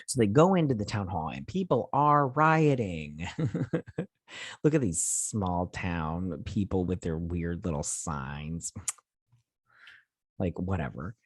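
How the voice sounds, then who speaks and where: A man's voice: sits low, lively intonation, slow, pauses often, a little mellow, breathy edge, dry recording. A man hosting a show, casually recapping and reviewing a TV episode, rambling and paraphrasing scenes with lots of "like" and asides.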